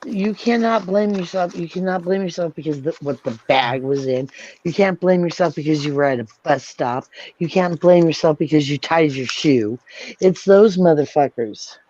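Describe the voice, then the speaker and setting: A channel host rants furiously on a livestream, swearing and repeating herself as she vents. Her voice sits low with a warm tone at a moderate pace, and the dull lo-fi dry recording carries a little hiss or hum.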